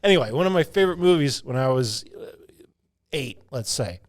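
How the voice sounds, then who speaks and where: A man's voice: mid-range voice, animated, a little fast, a little hiss or hum. Male podcast co-host, casual and rambling, laughs easily. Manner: rambling, chuckles often. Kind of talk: casual chat.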